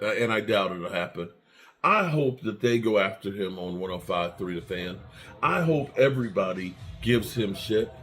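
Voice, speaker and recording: A man hosting a fan channel, delivering an angry, repetitive rant with swearing. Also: mid-range voice.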